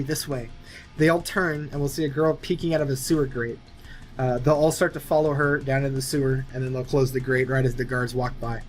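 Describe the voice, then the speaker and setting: Rambling man pitching a story, music behind. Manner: loose and rambling, many fillers. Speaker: movie video creator. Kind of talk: casual plot pitch narration.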